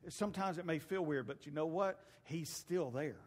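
A man preaches from the pulpit, slipping into voices and loud outbursts as he tells a story. His voice sits a little high for a man, and it rings through a large church with a long reverb trailing every line. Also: moderate pace. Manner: storytelling preacher acting out voices, shouting at peaks. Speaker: pastor. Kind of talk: sermon. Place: church sanctuary.

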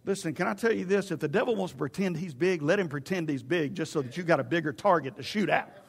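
Fervent high-voiced male pastor. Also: fast, creaky, breathy edge, big-room sound. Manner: fervent, swings from loud to hushed. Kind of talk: sermon.

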